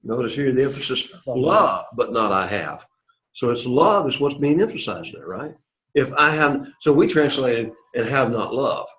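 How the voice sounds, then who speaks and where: Speaking at a normal speed in an animated, slightly bright mid-range voice, a man lectures his Greek class at length, often pausing to ask "okay" and "all right." The room is echoey and the recording sounds dull and lo-fi.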